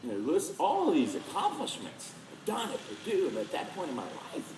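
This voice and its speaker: A man in his late fifties giving a storytelling speech at a dedication, lively and self-deprecating, acting out the people he quotes. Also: on the high side, normal speed, background noise. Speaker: speaker at a dedication. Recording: roomy, distant mic, faint ambience.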